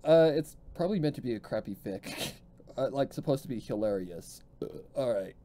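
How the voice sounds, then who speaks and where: A woman's voice: a bass voice, animated, moderate pace, mellow. A woman co-hosting a stream, reacting with laughs and trailing filler words. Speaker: stream co-host. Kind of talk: casual live-stream chat.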